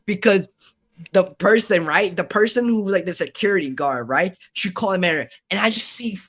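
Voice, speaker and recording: A man's voice: sits high, brisk, a bit bright. A young man telling a long story to camera in a casual, rambling way, full of filler words. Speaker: vlogger telling a concert story.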